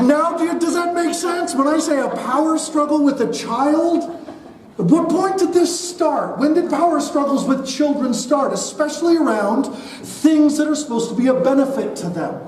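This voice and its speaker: High-voiced man, energetic speaker in roomy hall. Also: distant mic, slight background noise. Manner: energetic, leads the audience in call-and-response. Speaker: keynote speaker at a school parent night. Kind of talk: motivational talk to parents. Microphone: body-worn mic.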